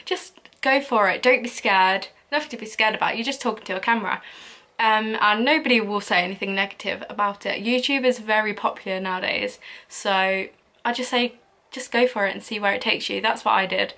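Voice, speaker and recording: A woman's voice: medium pitch, a little fast, creaky, bright, forceful tone. A young woman chatting casually in a Q&A vlog, rambling and giggling as she answers. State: out of breath. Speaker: YouTuber.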